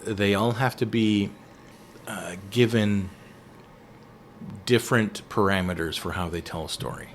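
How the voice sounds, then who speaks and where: A man co-hosting a podcast, making a thoughtful, measured point in casual discussion. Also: fairly low pitch, fairly even intonation, slight background noise. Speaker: podcast co-host.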